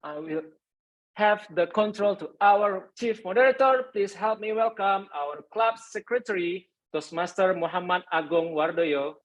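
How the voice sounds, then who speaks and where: A man, a club president giving lively meeting announcements over a video call. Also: high-pitched, a little slow. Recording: muffled online call audio.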